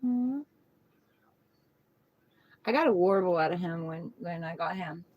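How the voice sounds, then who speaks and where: A woman's voice: fairly low pitch, a little slow, lo-fi sound. A middle-aged woman hosting a casual livestream at home on her phone, chatting loosely and cooing fondly to her pet. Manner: relaxed, chatty, coos affectionately to her pet. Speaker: tarot reader livestream host.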